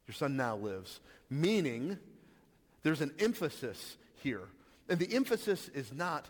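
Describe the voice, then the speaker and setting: A man's voice: mid-range voice, expressive, moderate pace. A pastor giving a conversational sermon, asking the listeners questions and restarting his sentences. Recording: long reverb of a hall.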